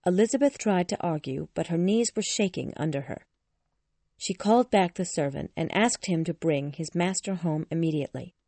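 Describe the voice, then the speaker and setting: A woman reads a story aloud in a steady, clear way. Her voice sits fairly low and sounds warm and mellow. The recording is close and dry. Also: normal speed, dry recording. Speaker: audiobook narrator. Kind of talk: storybook reading.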